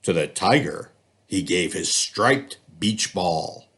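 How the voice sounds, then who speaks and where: A man reading a children's storybook aloud, expressive and lively in his storytelling. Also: deep voice, slow, breathy edge. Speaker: school district reader.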